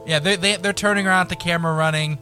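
A man hosting a casual podcast chat in a booth with friends, animated and quick to laugh, often repeating his words. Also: high-pitched, faint music behind. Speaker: podcast host. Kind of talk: casual group chat watching videos. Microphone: studio booth mic.

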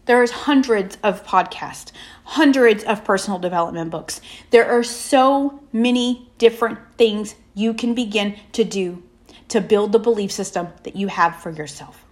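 A woman giving a faith-based motivational talk, speaking in emphatic, repeated affirmations with slow, drawn-out pauses. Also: medium pitch.

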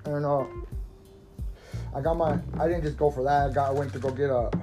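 A man's voice: on the high side, fairly even intonation, brisk. A man in his thirties rambling in a casual, profanity-heavy monologue as a podcast host, laughing and coughing from smoking. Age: 30s. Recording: faint guitar music behind.

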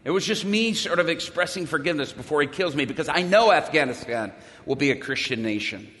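A man's voice: a little high, expressive, fast talker, in a large hall. A man telling a dramatic story of his own to an audience, acting out the voices of the people in it. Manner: acts out the dialogue he quotes, with sudden shouts.

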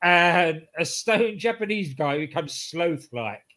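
Chuckling, slightly high-voiced podcast co-host. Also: male voice, animated, slow pace, bright, forceful tone. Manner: rambling storyteller, chuckles at his own jokes. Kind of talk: casual wrestling podcast chat.

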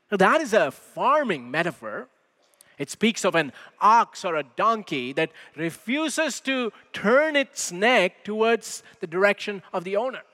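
A man preaching a sermon as pastor in a church, measured and emphatic, asking rhetorical questions. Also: high-pitched, fairly bright tone, big-room sound. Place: church sanctuary.

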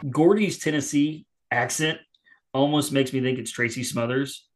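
A man co-hosting a podcast, recapping an old match in a relaxed, amused way. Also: mid-range voice, moderate pace. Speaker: podcast co-host. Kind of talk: casual commentary.

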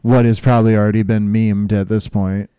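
A man's voice: fairly low pitch, level tone, a little fast, mellow, clean tone, no room sound. A man co-hosting a casual podcast, giving laid-back commentary on a cartoon episode. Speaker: podcast co-host.

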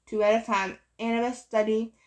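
A woman reads a novel aloud with a steady, first-person storytelling delivery. Her voice sits fairly high for a woman. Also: moderate pace. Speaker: narrator. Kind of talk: audiobook reading.

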